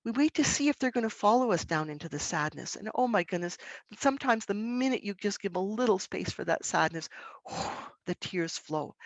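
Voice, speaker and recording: A woman presenting an online webinar to school staff, speaking in an earnest, gentle, unhurried way with pauses. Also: mid-range voice, no echo.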